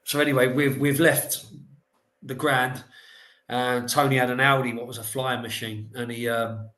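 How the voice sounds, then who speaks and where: A man on a podcast as a guest, telling animated, rambling anecdotes in casual chat with lots of "like". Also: medium pitch, moderate pace, roomy sound. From England.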